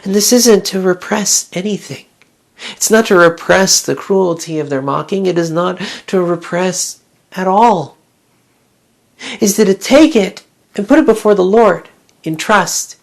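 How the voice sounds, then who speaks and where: A woman's voice: medium pitch, unhurried, creaky. A woman giving a devotional Bible talk in an earnest, reflective way, asking her listeners one question after another. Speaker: Bible teacher.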